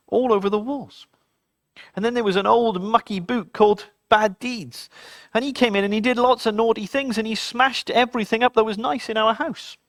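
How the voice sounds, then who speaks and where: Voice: mid-range voice, fairly bright tone, no room sound, clean studio sound, natural voice. A storyteller playing a young girl who talks in an eager, breathless rush. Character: young girl Mary Ann, anxious and earnest.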